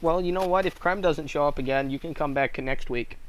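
Deadpan man hosting a noisy podcast. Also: on the high side, brisk. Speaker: podcast host. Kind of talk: casual comedy podcast chat.

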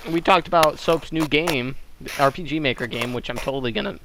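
A man's voice: on the high side, a little fast, vocal fry. Young man rambling on voice chat. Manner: rambling, crude joking, many fillers. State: has a cold. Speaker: podcast host. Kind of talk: casual voice chat. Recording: online voice chat with faint noise.

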